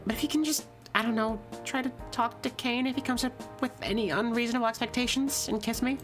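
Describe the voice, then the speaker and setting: A voice actor reading a fan game aloud and voicing a cheery but nervous, people-pleasing young woman in a high, timid, stammering voice. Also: music in the background, lightly acted. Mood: anxious. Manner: timid, fast apologetic delivery with stammers.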